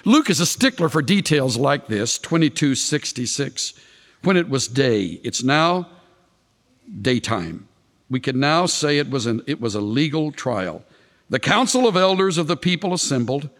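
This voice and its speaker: A male preacher giving an expository sermon, animated, with dramatic swings of voice when he quotes. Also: a little slow, big-room sound. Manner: animated, dramatic shifts in pitch when quoting.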